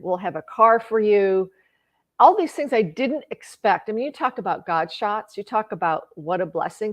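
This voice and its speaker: Here is a middle-aged woman with a fairly low voice, speaking with earnest feeling as she works through a personal story. She often stops to restart a thought and fills gaps with small fillers while she reflects on her own mistakes.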